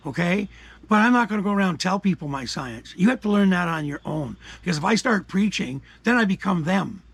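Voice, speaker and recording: An older man from Canada delivers an angry opinion rant, raspy and gravelly with a fairly high-pitched voice. He swears freely and swings from low muttering to loud outbursts. The sound is dry and close. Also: no room sound. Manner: profane, combative, jumps from mutters to shouts. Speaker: commentary vlogger.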